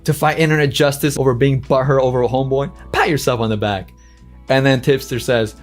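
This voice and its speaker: A man's voice: mid-range voice, a little fast, faint music behind. A man from Los Angeles hosting his own channel, animatedly reading comments aloud and answering them with sass. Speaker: channel host. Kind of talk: livestream commentary.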